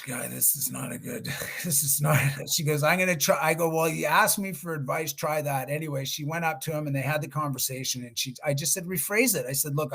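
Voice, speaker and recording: A middle-aged man speaking as a guest on a video-call webinar, telling stories in a conversational way with restarts and quoted voices. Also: fairly high pitch. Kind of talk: webinar storytelling.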